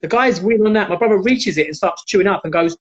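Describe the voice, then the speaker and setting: High-voiced man telling stories. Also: quick pace, a crowd in the background. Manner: animated, acts out quotes in raised voice. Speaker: guest, former MMA fighter. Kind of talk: casual storytelling on a livestream. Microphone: video call. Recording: dull lo-fi livestream audio.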